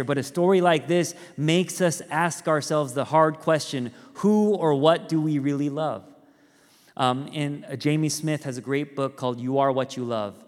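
A pastor giving a conversational sermon, telling stories with animated rises and quiet, earnest drops. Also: male voice, mid-range voice. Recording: reverberant hall.

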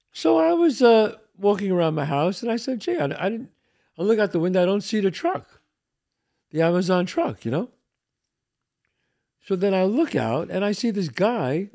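Older male host, gravelly, slightly high voice, streetwise casual storyteller. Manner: streetwise, animated storytelling with frequent asides. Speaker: podcast host.

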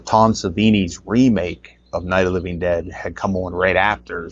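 Brief: deep-voiced man from Pennsylvania, relaxed rambling storyteller, muffled lo-fi sound. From Pennsylvania, USA. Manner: rambling, with many fillers and restarts. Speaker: interview guest, documentary creator. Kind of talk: casual storytelling. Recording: muffled lo-fi audio.

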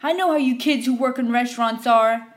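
A woman's voice: on the high side, brisk, natural voice. A woman voicing a suspicious, condescending male customer who accuses a worker of not washing her hands. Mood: accusing.

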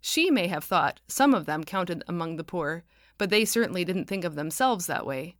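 A woman reads her own novel aloud in a wry, dry narrating voice. The sound is close and dry, with steady, even storytelling. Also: fairly low pitch, normal speed, dry recording. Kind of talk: audiobook narration.

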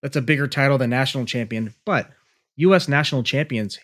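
A man's voice: medium pitch, fairly quick, fairly bright tone. A man co-hosting a podcast in casual chat over a remote call from his garage, laid-back and loose. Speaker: podcast co-host.

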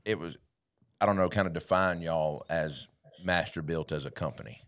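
Deep-voiced guy hosting, laid back and jokey. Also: normal speed, fairly bright tone, clean tone. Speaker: host. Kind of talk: casual interview chat.

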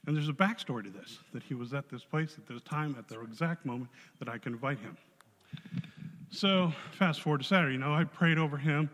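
A man giving a spoken testimony to a church congregation, telling his story in a lively way and acting out the voices in it. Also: a little high, a little fast. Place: church hall. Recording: long hall reverb.

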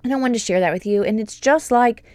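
A woman in her thirties hosting a podcast as a homeschool business coach, talking in a casual, gushing and upbeat way with rambling, excited asides. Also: fairly high pitch, quick pace, dry recording, clean studio sound.

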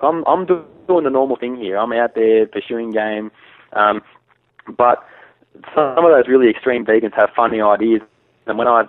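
A man's voice: mid-range voice, dry recording. A man, a hunter guest talking casually and opinionatedly, with many restarts. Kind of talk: casual conversation. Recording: tinny phone line.

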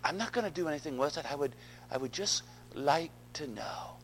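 Whispered role-play: male preacher voicing a soft, coaxing tempter begging for secrets. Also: a little high, expressive, a little fast, slight background noise, lightly acted, rough recording. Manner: coaxing, pleading, repetitive.

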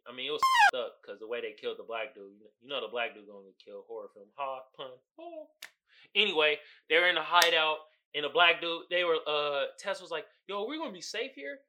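A man's voice: fairly high pitch, pushed and bright, slight background noise. A man hosting a podcast, recapping a movie in a casual, profane, storytelling way with frequent laughter. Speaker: podcast host.

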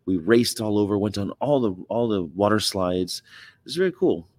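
A man's voice: fairly low pitch, expressive, normal speed, a little mellow, dry recording. A man hosting a casual livestream, rambling and greeting viewers and reading their comments aloud. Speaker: livestream host.

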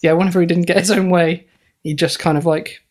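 A man's voice: fairly high pitch, level tone, fairly quick. Giggly rambling man. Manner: rambling, giggly, lots of fillers. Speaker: podcast co-host. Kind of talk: casual comedic chat.

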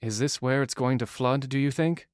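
Determined young woman, firm and direct, smooth tone, dry close sound, voiced by a man. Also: medium pitch, moderate pace, no room sound, close to an everyday voice. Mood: matter-of-fact. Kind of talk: audiobook character voice.

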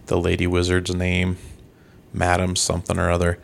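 A man's voice: low voice, monotone, normal speed, gravelly, a little hiss or hum. A man co-hosting a podcast, chatting casually and matter-of-factly about movies. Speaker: podcast co-host. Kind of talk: casual chat.

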